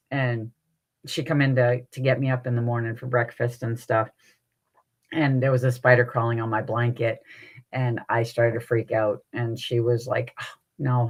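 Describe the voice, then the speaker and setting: A middle-aged woman hosting a live stream, telling stories to her chat in an animated, salty way and laughing often. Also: extremely low pitch. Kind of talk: casual chat with viewers.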